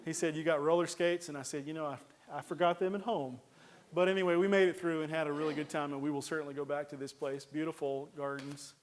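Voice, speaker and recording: Man, folksy rambling lecture, slightly higher voice, lots of uhs. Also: little pitch movement, quick pace. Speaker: horticulture lecturer. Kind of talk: casual lecture with slides. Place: lecture hall.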